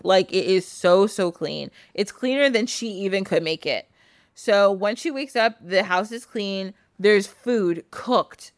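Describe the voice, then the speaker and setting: Brief: podcast host, woman, medium pitch, chatty and animated storyteller, dry close mic. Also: dry recording. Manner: animated retelling with frequent laughs and "like". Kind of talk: casual storytelling chat.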